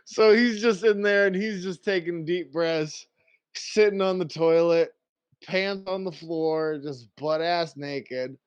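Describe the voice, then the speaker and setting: A man's voice: a little high, clear, resonant tone, no echo, muffled recording. A man narrating a tabletop game as game master, telling the scene in a crude, joking way. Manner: crude, laughing, drawn-out storytelling.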